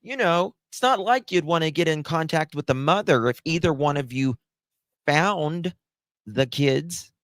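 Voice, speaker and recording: A man's voice: on the high side, measured pace, a bit bright, no room sound, studio quality. A man giving angry, profane, sarcastic commentary on case documents as a true crime host.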